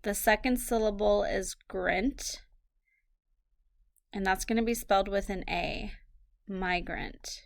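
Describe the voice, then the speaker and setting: A woman gives a recorded phonics lesson, slowly dictating words and spelling each one letter by letter. Her voice is mid-range, and the studio recording is clean with no room sound.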